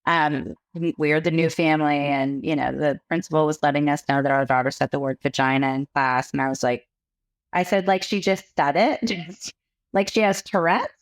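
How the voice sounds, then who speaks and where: A woman's voice: deep voice, moderate pace. A woman from South Texas, a women's health founder, telling stories in a casual interview, acting out quotes and laughing often. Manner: animated storyteller, acts out quotes with laughter.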